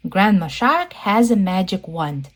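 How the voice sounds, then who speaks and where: A woman's voice: mid-range voice, expressive, unhurried. Sing-song woman reading to kids. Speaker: storyteller. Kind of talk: children's read-aloud narration.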